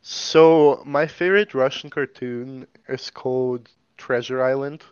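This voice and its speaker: A man's voice: medium pitch, steady tone, a little slow, clean tone, dry recording. Young man from Tajikistan, casual interviewee, resonant voice, slightly muffled dry recording. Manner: laid-back, rambling with many fillers.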